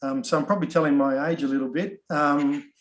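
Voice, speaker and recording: A man's voice: on the high side, fairly even intonation, brisk, roomy sound, rough recording. A middle-aged man with an Australian accent introducing himself in an easygoing, chatty way on an online course, full of ums and restarts. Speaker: course facilitator. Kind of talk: casual self-introduction in an online session.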